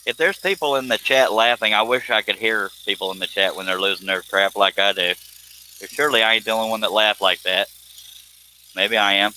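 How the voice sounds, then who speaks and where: A man's voice: lowish voice, a little fast, bright, forceful tone, a little hiss or hum, poor audio. A middle-aged man hosting a livestream, chatting casually and laughing often. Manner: laughs often, rereads a chat message in a mock-threatening voice. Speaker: livestream host. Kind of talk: casual chat.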